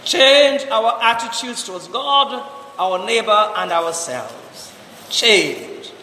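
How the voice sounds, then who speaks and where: A priest preaching a sermon, asking repeated rhetorical questions and drawing out slow, emphatic commands. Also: male voice, sits high, expressive, sharp tone, roomy sound, in a large hall, slight background noise, rough recording.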